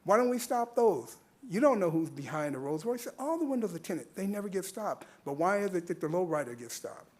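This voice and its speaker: A man's voice: sits high, very animated, brisk, hardly any pauses, darkish tone. A man speaking earnestly at a public meeting, using rhetorical questions and repeating points for emphasis at a podium microphone. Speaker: public commenter. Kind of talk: public comment at a civic meeting.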